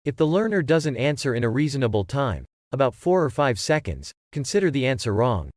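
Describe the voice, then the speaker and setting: A man reading the lines of a calm male lab experimenter in a patient, matter-of-fact way. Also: medium pitch, no room sound, studio quality, lightly acted.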